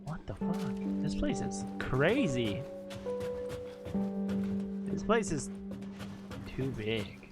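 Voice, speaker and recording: A male streamer giving excitable live commentary on a game, swearing and laughing often. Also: medium pitch, extremely slow, long pauses, loud music behind the voice.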